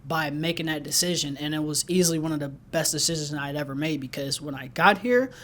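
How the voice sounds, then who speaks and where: A man's voice: a little high, fast talker, fairly bright tone, a little hiss or hum. A young man from Ohio co-hosting a podcast, telling stories with an upbeat, laughing manner and frequent restarts. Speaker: podcast co-host. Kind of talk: casual chat.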